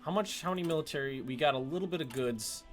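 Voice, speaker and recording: A man's voice: fairly high pitch, quick pace, faint music behind. A man chatting casually on a live stream while playing a strategy game, joking and often chuckling.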